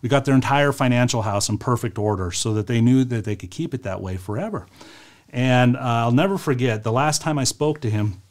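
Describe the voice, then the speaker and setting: A man's voice: mid-range voice, a little fast. A man, a financial advisor, presenting a webinar in a casual, story-driven way, with rhetorical questions and frequent fillers. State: choked up at moments.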